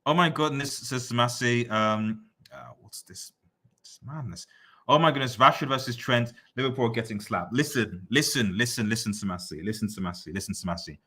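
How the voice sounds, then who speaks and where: A man's voice: mid-range voice, a little fast, slightly rough. A man live-streaming, reading out viewer comments and answering them in a teasing, repetitive running rant. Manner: repeats phrases, teasing, excitable rants. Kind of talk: casual live-stream chat.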